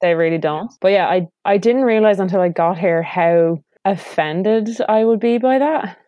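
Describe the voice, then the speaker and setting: A woman's voice: medium pitch, normal speed, no echo. A young Irish woman, a guest comedian, chatting casually and filling her talk with "like". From Ireland. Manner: chatty, lots of "like" fillers. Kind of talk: casual chat. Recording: dull, lo-fi audio.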